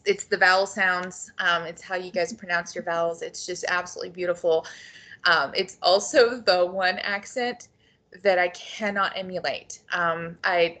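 A woman's voice: fairly low pitch, pushed and bright. Woman, podcast host, enthusiastic, chatty, casual interview.

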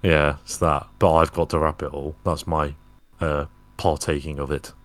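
A man's voice: a bass voice, level tone, moderate pace, a bit bright, slight background noise. A man co-hosting a podcast in casual chat, dropping dry, joking asides. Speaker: podcast co-host.

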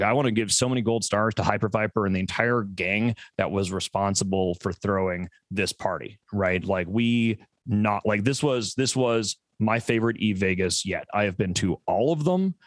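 American male podcast co-host, low-pitched, profane rambler with stammering restarts, dry sound. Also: no room sound. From USA. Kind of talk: casual chat.

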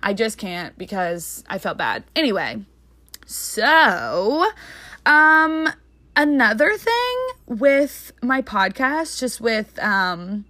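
A young adult woman hosting her own podcast in casual solo chat, talking fast and rambling with lots of fillers. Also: a little high, sing-song, pushed and bright, no echo. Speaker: podcast host.

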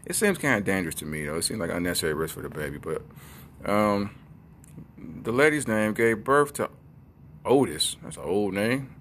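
Animated joking man. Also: lowish voice, normal speed, pauses often, slight background noise. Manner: animated, jokey, mock-storytelling. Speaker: online commentator. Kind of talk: joking commentary.

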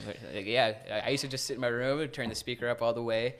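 A man's voice: medium pitch, quick pace, smooth. Swearing young man telling stories. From Newfoundland, Canada. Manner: animated storyteller with frequent repeats and swearing. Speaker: podcast guest, rapper. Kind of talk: casual chat.

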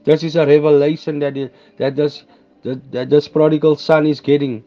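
A man preaching a sermon, reading scripture aloud and explaining it, repeating and restarting phrases and slowing down on key words. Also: fairly high pitch, level tone. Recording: dull lo-fi sound with faint music behind.

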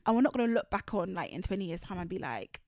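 A woman co-hosting a podcast, chatting casually and rambling with quick asides. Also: medium pitch, big pitch swings, darkish tone. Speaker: podcast co-host. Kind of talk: casual chat.

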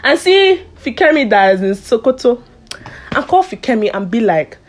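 A woman's voice: fairly high pitch, moderate pace. A young woman, a guest in a casual podcast chat, retelling events expressively and mimicking the people involved. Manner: expressive storyteller, mimics others dramatically.

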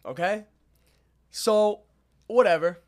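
A young man casually telling a long story to a friend, animated and swearing as he goes. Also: high voice, slow. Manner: animated, swearing, lively retelling.

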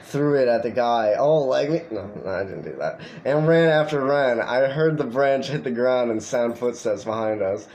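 A man hosting a podcast, reading an online story aloud and breaking in with crude, animated comments. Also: mid-range voice, normal speed, hardly any pauses. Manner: profane, animated storytelling with asides. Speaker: podcast host.

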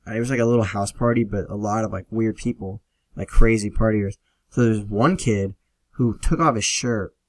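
A young podcast host with a lowish voice tells rambling, profane stories in a laid-back solo chat. The recording has no echo.

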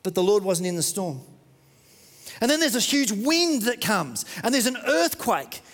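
High voiced pastor preaching, goes big then drops soft, long echo off the hall. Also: male voice, big pitch swings, measured pace. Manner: dramatic, swinging from loud to hushed. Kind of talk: sermon.

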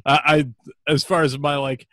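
A man's voice: on the high side, flat delivery, measured pace, fairly bright tone, dry recording. An American man chatting casually as a podcast guest, laughing often and rambling with restarts. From United States. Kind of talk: casual chat.

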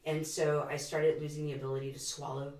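A woman in her forties with a raspy, smoker-like voice, a podcast guest who talks candidly with rambling asides and self-deprecating humor. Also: low voice, flat delivery, fairly quick, a little mellow, distant mic. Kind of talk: casual interview conversation. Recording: roomy echo, a bit off mic.

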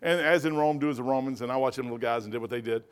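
A man's voice: mid-range voice, very fast, clean tone. A male pastor teaching a Bible study, preaching emphatically with folksy stories.

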